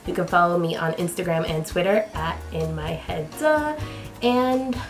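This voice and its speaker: A woman vlogger telling a storytime with animated, chatty delivery, full of fillers, acting out the people in it. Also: on the low side, moderate pace, music in the background. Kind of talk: storytime vlog.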